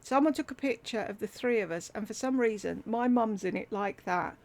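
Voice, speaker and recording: Gravelly woman telling her story. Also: mid-range voice, fairly quick, darkish tone. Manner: candid, wry, swears casually. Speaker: YouTuber telling a life story. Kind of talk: casual personal storytelling. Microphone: desktop USB mic.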